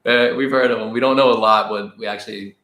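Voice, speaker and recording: Laid-back young American man, low voice. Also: fairly even intonation, fast, pushed and bright. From United States. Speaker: travel vlogger co-host. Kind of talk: casual livestream Q&A chat. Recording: echoey room.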